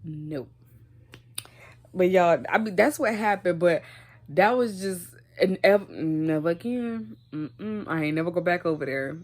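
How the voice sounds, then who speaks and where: Young woman vlogger, slightly low voice, chatty and animated storytime delivery. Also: unhurried. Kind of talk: casual storytime.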